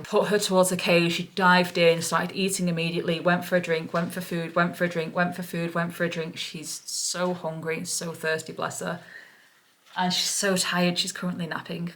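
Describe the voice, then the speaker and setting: A woman's voice: on the low side, little pitch movement, moderate pace, fairly bright tone. A woman vlogger telling a story in an emotional, relieved way, gushing and repeating herself over and over. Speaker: parrot-keeping vlogger. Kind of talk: emotional vlog retelling.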